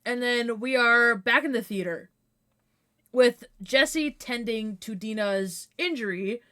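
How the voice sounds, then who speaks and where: A woman on a podcast, chatting casually and relaxed, with some swearing. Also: a little high, slow pace. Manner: relaxed, swears, laughs easily. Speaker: podcast guest. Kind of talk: casual recap chat.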